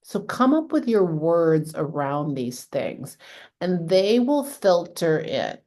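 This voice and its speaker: Woman, fitness coach, low voice, casual, swears, lots of "like". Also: big pitch swings, takes it slowly, mellow. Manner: casual, swears freely, leans on "like". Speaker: fitness coach leading a group call. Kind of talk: coaching talk to a group.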